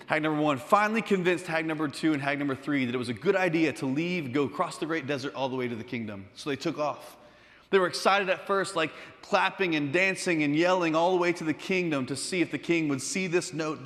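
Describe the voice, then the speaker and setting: A man storyteller speaks to a room of students, animated and dramatic, swinging between loud bursts and hushed moments. His fairly high voice carries through a large school hall with a long reverb. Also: fairly quick.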